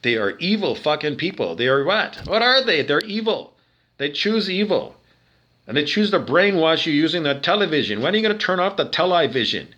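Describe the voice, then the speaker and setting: A man's voice: fairly high pitch, very animated, fairly quick, pushed and bright, muffled recording. A man from Canada ranting to the camera, agitated and profane, repeating himself and firing off rhetorical questions. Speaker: video monologue speaker.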